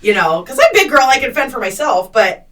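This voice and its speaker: This podcast co-host, a woman with a high voice, talks fairly quickly and is recorded from a distance. Her casual storytelling is profane and lively, full of acted-out quotes.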